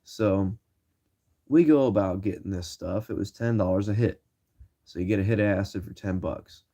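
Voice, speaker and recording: A man's voice: on the low side, normal speed, warm tone. A man in his twenties telling a story to his viewers in a casual, slangy, rambling way with many restarts. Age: 20s. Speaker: vlogger.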